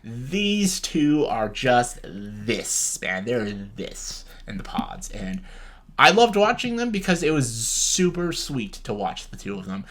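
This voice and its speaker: A man's voice: mid-range voice, big pitch swings, slow, fairly bright tone. A young man vlogging casual commentary on a reality show, talking bluntly with lots of swearing and exasperation. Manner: blunt, heavily profane, exasperated ranting.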